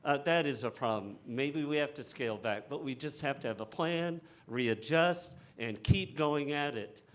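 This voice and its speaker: A man, a council candidate, answering at a forum in a heated, halting way with many fillers. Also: medium pitch.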